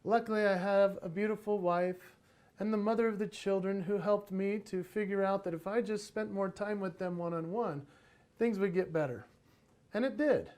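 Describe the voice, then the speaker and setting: A man speaking at a parenting conference, telling animated stories from family life in a motivational talk. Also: sits high, moderate pace. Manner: animated, acts out voices in his stories.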